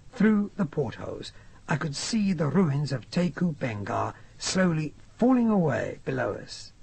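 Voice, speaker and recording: A man narrates a first-person adventure audiobook in a measured, descriptive way. His voice is raspy and gravelly. It sits a bit high and moves in a lively way.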